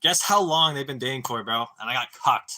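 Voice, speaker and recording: A man's voice: mid-range voice, a little fast, bright, forceful tone. A young man telling a long story on a live stream, rambling and swearing, with stammering restarts and constant "dude" and "bro.".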